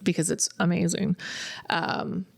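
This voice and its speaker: This woman co-hosts a podcast in a lowish, gravelly voice with a level tone and measured pace. During casual chat she plays the storyteller, reenacting what her clients said.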